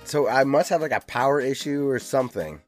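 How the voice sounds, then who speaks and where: A man's voice: mid-range voice, a little fast, faint music behind. A man hosting a video game podcast in casual chat, rambling with lots of ums and uhs. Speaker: podcast host.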